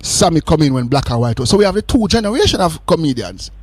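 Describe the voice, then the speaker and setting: A jovial Jamaican man hosts a radio show in a fairly high voice, teasing his co-host and laughing often. The recording is close and dry, with no room sound. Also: very animated, quick pace, husky, no echo. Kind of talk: casual radio banter.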